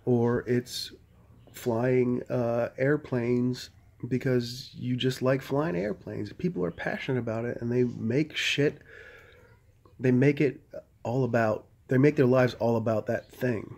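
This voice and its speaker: A man's voice: medium pitch, steady tone, slow pace, vocal fry, a little mellow. A man talking casually into a handheld phone camera, rambling, full of "like" and frequent swearing. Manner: rambling, heavy on "like", swears freely. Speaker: vlogger.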